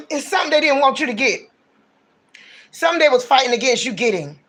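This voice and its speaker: A man's voice: very high voice, animated, a little fast, bright, forceful tone, a little hiss or hum. A man giving a casual livestream tarot reading, talking in a blunt, slangy, ranting way. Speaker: tarot reader.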